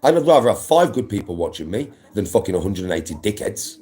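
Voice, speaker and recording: A man hosting a livestream, pouring out a swearing, combative rant at his viewers. His voice sits low and dark, and it swings widely up and down as he pushes his point. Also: very animated, quick pace. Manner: aggressive, swearing, defiant. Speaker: livestream host. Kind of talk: ranting to live viewers.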